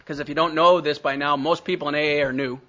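Blunt storytelling man, bright voice. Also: fairly high pitch, fairly even intonation, fast talker, highs cut off. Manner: blunt, storytelling, self-mocking humor. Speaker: speaker sharing recovery story. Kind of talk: recovery meeting talk.

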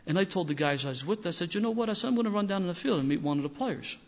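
An older man tells a story in a rough-edged, self-mocking way. His voice sits fairly high for a man, and he gets louder and livelier as the tale builds. The recording sounds dull and lo-fi. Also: lively intonation, rapid-fire. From Philadelphia. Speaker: speaker sharing recovery story. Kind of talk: storytelling talk to an audience.

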